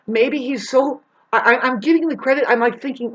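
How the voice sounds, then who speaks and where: A woman's voice: high-pitched, fairly quick, few pauses, a bit bright, husky, rough recording. A woman telling a rambling story in a casual monologue, swearing and acting out the people she describes. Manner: rambling, swears, acts out the people in her story with big voice swings.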